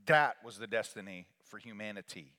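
A man preaching a sermon as pastor, swinging from hushed lines to loud calls for the congregation to repeat after him. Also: fairly low pitch, moderate pace. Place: church sanctuary. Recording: long reverb of a large hall.

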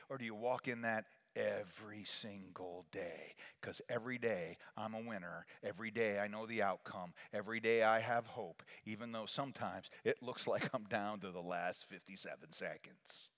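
A man preaching a sermon as pastor, swinging from hushed lines to loud calls for the congregation to repeat after him. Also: on the low side, normal speed. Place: church sanctuary. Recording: long reverb of a large hall.

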